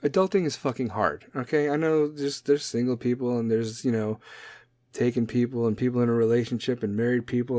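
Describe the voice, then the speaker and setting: A man's voice: medium pitch, a little mellow, no room sound. A man in his thirties hosting a podcast, ranting in a blunt, sarcastic way and swearing constantly. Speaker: podcast host. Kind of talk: profane comedic rant.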